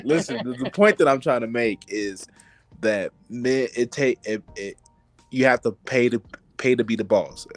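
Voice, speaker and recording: A man's voice: medium pitch, expressive, normal speed, soft background music. A man making earnest points on a panel chat, often repeating himself. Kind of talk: casual chat.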